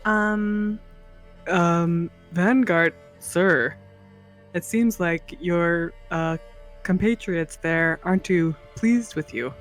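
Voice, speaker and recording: Player guy with a high voice, polite and smoothing things over, faint music. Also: takes it slowly.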